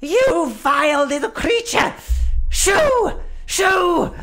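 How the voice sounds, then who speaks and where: A woman voicing an indignant flaming skull creature that shrieks and scolds in a high voice. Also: big pitch swings, very slow, fairly bright tone, exaggerated voice. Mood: scolding.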